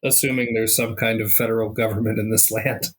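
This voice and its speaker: A man's voice: fairly low pitch, level tone, brisk. A man playing a tabletop game, chatting casually and dropping dry jokes. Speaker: player. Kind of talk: casual chat.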